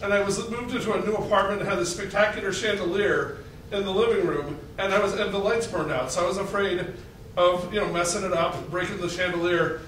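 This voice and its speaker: A man in his forties from Arkansas, telling a personal story on stage in an animated way, laughing at his own tale. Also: high-pitched, a little fast, a little hiss or hum. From Arkansas, USA. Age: 40s. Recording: echoey hall, mic at a distance.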